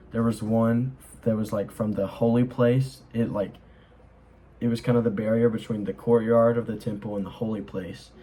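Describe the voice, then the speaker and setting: A young man walks through a Bible passage in an earnest, rambling way, full of fillers. His voice sits a little low and sounds mellow and slightly husky. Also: rough recording. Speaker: Bible study host. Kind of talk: casual Bible reading and commentary.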